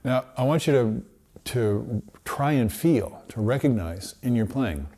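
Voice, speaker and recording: A man teaching trumpet, explaining technique in a relaxed way and sounding out practice syllables. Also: mid-range voice, measured pace, over music. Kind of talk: instructional lesson.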